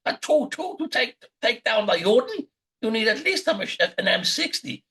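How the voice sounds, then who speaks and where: A man putting on a screaming, high-pitched voice of a ranting male comedy radio villain. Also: very animated, moderate pace, pushed and bright, heavily acted.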